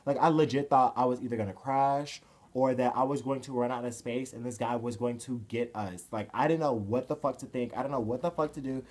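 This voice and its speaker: A young man telling a story to camera in a casual, excitable way. He swings from hushed to loud and fills his talk with "like" and swearing. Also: medium pitch. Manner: excitable, fast shifts from hushed to loud, filler-heavy, swears freely. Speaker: vlogger.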